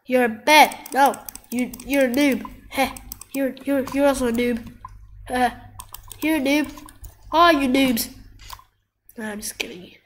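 High, sick-sounding excitable gamer woman. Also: measured pace, pauses often, slight background noise. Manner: excitable, yelps and trash talk at the screen. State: sick, coughing. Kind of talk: live gameplay commentary.

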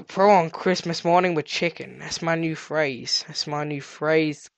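A teenage boy with a cold and sore throat, doing let's play commentary as a gaming channel host, excitable and yelping at discoveries. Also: on the high side, a little slow, hardly any pauses, no echo. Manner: excitable, yelps and squeals at discoveries, chatters to animals.

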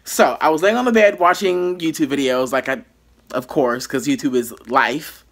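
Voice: medium pitch, moderate pace. A YouTuber telling a dramatic story from their bedroom, with lots of asides to the viewers. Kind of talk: storytime vlog.

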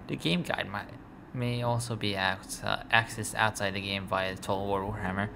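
Brief: low-pitched male gamer, rambling let's-play commentary, tripping over words, sleepy, noisy home recording. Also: gravelly. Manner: rambling, stumbles over words, talks to the game. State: sleepy, yawning. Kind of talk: casual gameplay commentary. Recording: steady background noise.

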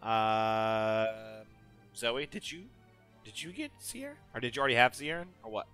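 A man's voice: mid-range voice, very animated, moderate pace, bright, forceful tone, clean tone, soft background music. A man hosting a casual gaming stream, laughing often and teasing his co-hosts. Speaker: podcast host.

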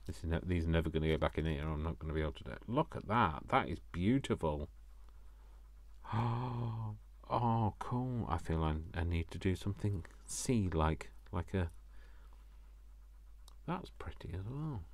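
A man's voice: low-pitched, animated, moderate pace, dry recording. A man chatting casually as he unboxes craft gifts, gushing, gasping and talking to himself. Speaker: craft vlogger.

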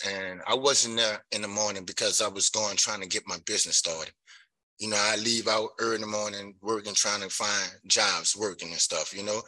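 A middle-aged man pleads his case in a rambling, earnest way. His voice is low-set and very bright, with a sharp edge. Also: poor audio. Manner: rambling, earnest, full of "you know". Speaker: parolee at a hearing. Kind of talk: pleading testimony.

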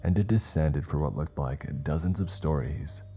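A man narrates a scripted horror story slowly and with care, in an extremely low, dark voice with a mellow, heavy tone, while faint music plays softly behind him.

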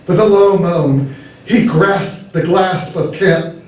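A man reading a humorous story aloud with expressive storytelling delivery, performing at a church variety show. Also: high-pitched, slow. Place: church hall with audience. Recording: echoey hall from far off.

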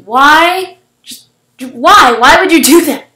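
Excitable high-voiced woman gaming. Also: slow, roomy sound, rough recording. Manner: excitable, shrieks and gasps at surprises. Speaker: gaming channel host. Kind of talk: casual gameplay commentary.

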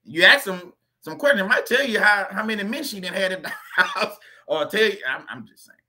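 A man's voice: high voice, animated, a little fast, bright, forceful tone. A man hosting a livestream, rambling in a joking way, laughing often and going off on chatty tangents. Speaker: livestream host.

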